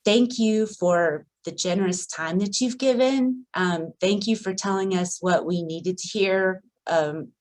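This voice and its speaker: A woman's voice: medium pitch, unhurried, hardly any pauses, darkish tone. A woman, a startup founder, giving a grateful, heartfelt thank-you speech at a graduation.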